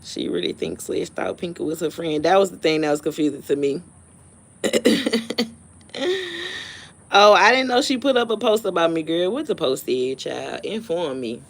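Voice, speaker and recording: A woman's voice: on the low side, moderate pace, creaky, pauses often. A woman hosting a live stream, ranting in a blunt, profane, dismissive way and telling stories with animation. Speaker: livestream host. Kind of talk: casual live-stream rant.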